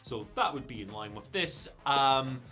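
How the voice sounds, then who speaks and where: A man co-hosting a casual news discussion, chatting in a relaxed, speculative way with plenty of fillers. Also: mid-range voice, a little slow, soft background music. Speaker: co-host of a news show.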